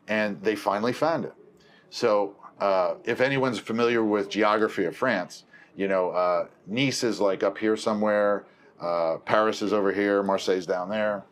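A male film producer telling a long story in casual conversation, correcting himself as he goes and acting out the dialogue. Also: on the low side. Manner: rambling, self-correcting, acts out quoted dialogue.

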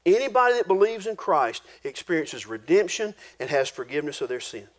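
A male pastor preaching a sermon in a folksy, homespun way, dropping low and quiet for solemn points. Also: big pitch swings, a little fast. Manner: folksy, homespun preaching with rural turns of phrase.

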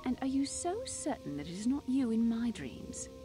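A woman's voice: a little high, big pitch swings, moderate pace, dark tone, faint music behind. An actress voicing a young female Jedi in a video game, with a British accent and a composed, formal way of speaking. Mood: cool.

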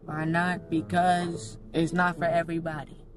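A woman's voice: on the low side, little pitch movement, normal speed, background noise. A woman in casual chat, blunt and irritated, swearing and using casual slang. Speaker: friend and prank target.

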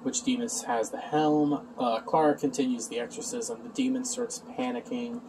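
A man's voice: medium pitch, sing-song, normal speed, noisy background. Sarcastic man recapping a show. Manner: sarcastic, offhand, many "uh" fillers. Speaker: show reviewer. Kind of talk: casual recap review.

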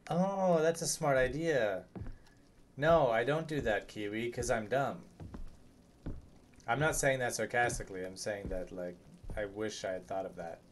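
A young man plays a horror game for his viewers and talks them through it in an unhurried, drawn-out way, joking about how scared he is. His pitch sits in the middle for a man. A faint hiss sits under his voice. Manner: nervous, jokey, chatting with viewers. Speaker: streamer. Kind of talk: live gameplay commentary.

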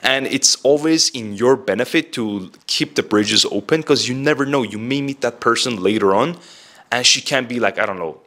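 A man's voice: medium pitch, moderate pace, sharp tone. A young man giving casual self-improvement advice in a direct, chatty way, saying "like" and "bro" a lot. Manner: direct, heavy use of "like" and "bro".

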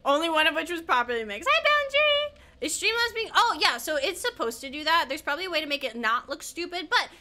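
A woman's voice: very high voice, big pitch swings, quick pace, sharp tone. A woman gaming streamer chatting casually while she plays, rambling, giggly, easily sidetracked and swearing a lot.

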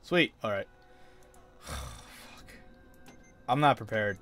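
A young man streams a horror game, jumpy and yelping, laughing nervously through his let's play commentary. His voice sits on the low side with huge pitch swings, a very slow pace, and a slightly bright tone. Faint music plays behind him.

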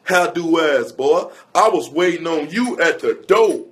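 A man's voice: fairly high pitch, animated, a little slow, fairly bright tone. A man delivering a comedic roast monologue, rattling off mocking insults with repeated catchphrases.

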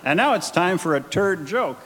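An animated man tells jokes and banters on a live stage, his voice leaping up and down in pitch. It sits a bit high and echoes through a large hall. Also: normal speed, noisy background. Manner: animated, slips into comic voices. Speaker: radio show performer. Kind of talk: comic stage banter and joke telling. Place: live stage show before an audience. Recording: live theater with long reverb.

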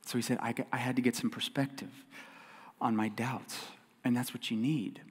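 A man preaching to his congregation in an earnest, emphatic way, his voice sitting at a middling pitch. He repeats key lines and swings from loud stresses to hushed, quiet stretches. The sound carries a long reverb from the church hall around him. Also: steady tone, normal speed, husky. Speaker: pastor. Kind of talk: sermon. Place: church sanctuary.

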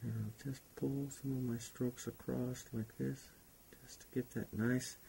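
A man's voice: mid-range voice, little pitch movement, unhurried, vocal fry, warm tone, slight background noise. A man teaching a painting class, talking unhurriedly and thinking aloud as he paints. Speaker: painting instructor. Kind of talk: relaxed painting demonstration.

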